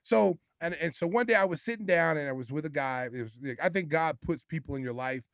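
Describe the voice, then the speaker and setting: Male podcast host, quick animated storyteller, dry close sound. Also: fairly high pitch, no echo. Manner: animated, loud bursts when excited. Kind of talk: casual storytelling.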